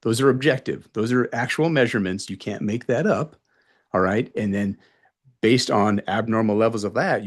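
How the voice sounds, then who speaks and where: A man in his forties, an emergency physician guest on a podcast, telling blunt and animated stories and acting out the exchanges. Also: on the low side, husky. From North Carolina. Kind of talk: podcast interview storytelling.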